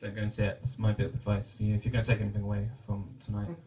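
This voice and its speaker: A man's voice: fairly low pitch, little pitch movement, very fast, mellow, far from the mic, slight background noise, poor audio. A man doing a stand-up comedy set, self-mocking and stumbling over his words as he rambles. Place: comedy club stage.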